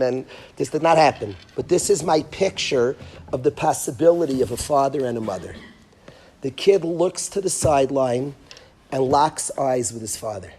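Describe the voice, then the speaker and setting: A man, a rabbi giving a parenting lecture, telling a vivid story that swings from hushed to emphatic. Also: medium pitch, a little hiss or hum.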